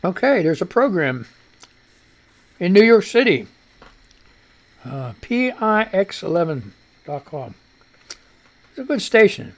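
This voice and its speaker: A man hosting a live stream speaks slowly in a high, sing-song voice, leaving long pauses. His casual chat rambles, includes salty language, and makes fun of himself, and he sounds slightly short of breath.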